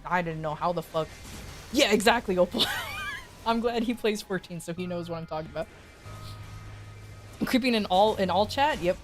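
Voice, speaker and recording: Talking to her chat as a VTuber, a woman spins a meandering story at her own expense, pushing her voice up high to imitate the people she quotes, with faint background music.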